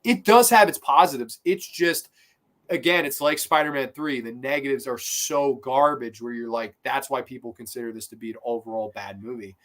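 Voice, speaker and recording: A man's voice: mid-range voice, normal speed. A man hosting a casual podcast about films, talking animatedly, swearing often and acting out scenes. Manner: animated, swearing, acts out quotes. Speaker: podcast host. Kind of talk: casual film discussion.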